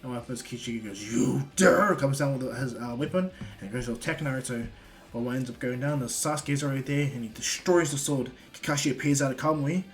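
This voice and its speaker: Male storyteller, casual and rambling, mid-pitch, faint music underneath. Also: steady tone, fast. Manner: rambling, many fillers.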